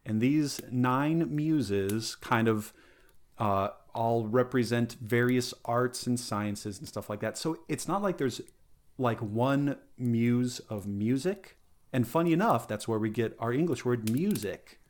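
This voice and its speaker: A man in a casual podcast conversation, rambling and enthusiastic. He talks in a middling voice, restarting sentences and filling pauses with um and like. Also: mid-range voice, a little mellow. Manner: enthusiastic, rambling, lots of fillers.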